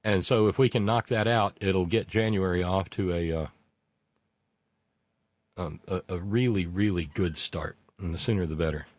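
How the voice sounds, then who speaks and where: Dry-voiced, low-pitched male talk host. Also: steady tone, normal speed, dry recording. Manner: rambling, sardonic, many fillers. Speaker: talk show host reading listener messages. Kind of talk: casual political talk show.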